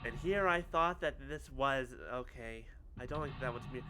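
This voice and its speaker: A man's voice: mid-range voice, normal speed, few pauses, pushed and bright, soft background music. A young man giving sarcastic, chatty commentary while playing a video game. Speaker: let's play streamer. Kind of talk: casual gameplay commentary.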